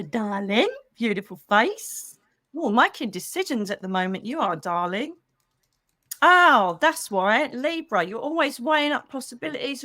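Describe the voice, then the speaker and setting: A woman's voice: mid-range voice, dry recording, studio quality. A middle-aged woman, a psychic medium chatting casually on a livestream, calling her viewers darling. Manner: chatty and animated, with pet names like darling. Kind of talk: casual livestream chat with members.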